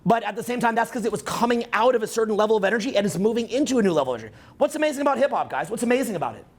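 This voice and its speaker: Brash Canadian coach in his forties, raspy throat, pitch swinging wide, cursing through a live talk. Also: rapid-fire. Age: 40s. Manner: brash, profane, animated lecturing with mocking put-on voices. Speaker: dating and social skills coach. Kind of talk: live seminar talk to a crowd.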